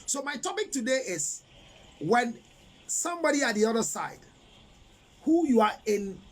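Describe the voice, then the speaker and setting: A Ghanaian man counseling on relationships in a live talk, animated and preachy, switching between English and Twi and reading out viewer comments. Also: very high-pitched, normal speed, poor audio. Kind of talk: live-streamed advice talk.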